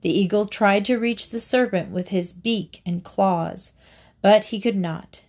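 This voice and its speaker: A woman narrating classic fables aloud for listeners. She reads slowly and deliberately, pausing to give each moral its weight. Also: medium pitch, darkish tone. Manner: slow, deliberate reading aloud. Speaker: reader. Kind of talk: storybook narration.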